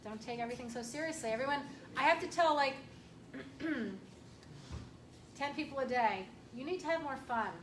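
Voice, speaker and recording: High-pitched woman doing a chatty health talk to a group, echoey room, mic kinda far off. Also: moderate pace, long pauses, fairly bright tone, slight background noise. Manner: chatty, emphatic, clears throat often. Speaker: chiropractor giving a health talk. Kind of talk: casual health workshop talk. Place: room with an audience.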